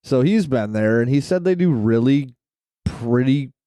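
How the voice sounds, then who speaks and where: Lively, mellow-voiced man in casual chat. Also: mid-range voice, measured pace, dry recording. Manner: loose, profane, rambling storytelling. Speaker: podcast co-host.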